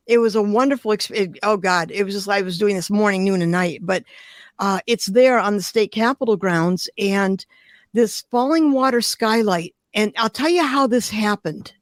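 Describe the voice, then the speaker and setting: An older woman from Detroit, a glass artist, tells vivid, emotional stories in an interview, her delivery richly expressive. Her voice is mid-range and her pace moderate, with no echo on the recording.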